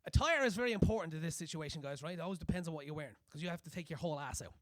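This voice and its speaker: A young man doing a crude, animated stand-up comedy set on a club stage, acting out scenes as he goes. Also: a little high, very fast, no echo, studio quality.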